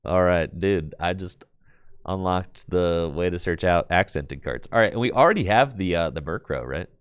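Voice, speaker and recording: A man streaming a card game on his computer, chatting casually and excitably with his viewers in slang, with bursts of laughter. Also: low voice, moderate pace, smooth, dry recording. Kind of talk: casual live-stream chat while playing a card game.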